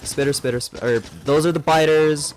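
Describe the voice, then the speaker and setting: Offering live gameplay commentary, this young streamer rambles, mutters, and jokes at his own expense. He has a fairly high, darkish-toned voice at a moderate pace, with slight background noise.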